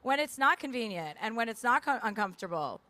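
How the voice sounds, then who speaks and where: A woman author speaking candidly onstage at a book festival, talking fast with many fillers and restarts. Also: a little high, very animated, bright, forceful tone. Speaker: author and guest. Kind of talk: onstage conversation. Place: festival stage.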